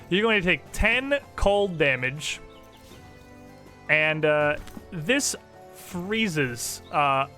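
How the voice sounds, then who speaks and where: A man's voice: on the high side, sharp tone. A man running a tabletop game as game master, narrating loosely with frequent laughs and swearing.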